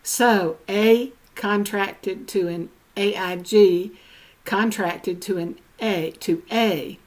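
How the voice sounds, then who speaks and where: Slow, deliberate older woman reading notes. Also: mid-range voice. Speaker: genealogy presenter.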